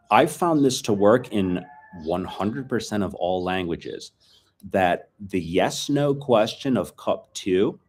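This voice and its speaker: A man with a fairly low voice leads a filmed language lesson in a relaxed, chatty way, repeating short phrases for learners to drill.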